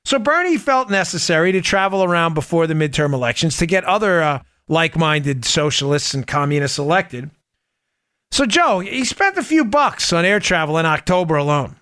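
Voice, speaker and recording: Male podcast host, sharp bright tone, mocking monologue. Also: fairly high pitch, smooth, no echo, clean studio sound. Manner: animated, mocking quoted voices, quick asides. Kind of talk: political talk show monologue.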